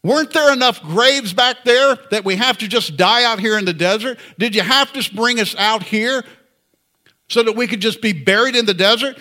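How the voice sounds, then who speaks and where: A man's voice: high voice, moderate pace, bright, forceful tone. A man putting on the voice of a snarky, complaining crowd of freed slaves, whining at their leader. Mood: whiny.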